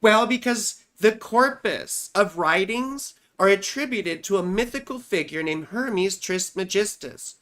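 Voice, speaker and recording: A woman hosts a live stream and lectures at an unhurried, drawn-out pace. Her voice is bright and pointed. She rambles along casually and keeps turning to her viewers with loose, slangy asides. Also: medium pitch, animated. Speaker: astrologer hosting a live stream.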